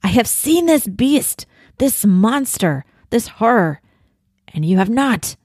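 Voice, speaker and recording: A woman's voice: fairly high pitch, sing-song, takes it slowly, darkish tone, slightly rough, no echo, voice pushed up, full character voice. Woman reading a grieving protective dad from a storybook, emphatic, dry sound. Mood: anguished. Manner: emphatic read-aloud storybook dialogue. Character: anguished older father, protective and grieving.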